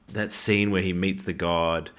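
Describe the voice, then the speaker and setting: A man's voice: low-pitched, fairly bright tone. A man co-hosting a casual film review chat, blunt and dry in his dismissive remarks. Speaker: film podcast co-host.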